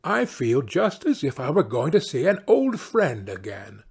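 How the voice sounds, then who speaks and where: A man's voice: fairly high pitch, wildly swooping pitch, measured pace, gravelly, slightly rough, heavily acted. A man playing a contented storybook father. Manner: gentle and pleased.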